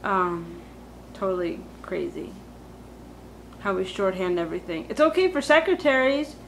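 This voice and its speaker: A woman's voice: mid-range voice, animated, normal speed, creaky, a bit bright, slight background noise, rough recording. A woman doing a comedic valley-girl monologue, full of "like" and "totally," ranting with exaggerated drama.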